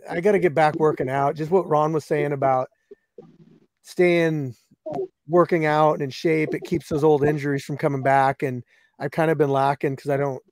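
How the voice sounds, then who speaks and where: Chatty higher-voiced man, dry sound. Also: a little mellow, no echo. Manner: easygoing, chatty storytelling. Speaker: guest fighter. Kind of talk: casual interview.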